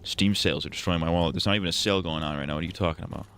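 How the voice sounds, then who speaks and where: A man's voice: sits low, very fast, fairly bright tone, a little hiss or hum. A man streaming a game live, rambling through jokes and poking fun at himself. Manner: rambling, joking, self-mocking. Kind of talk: casual live-stream gaming commentary.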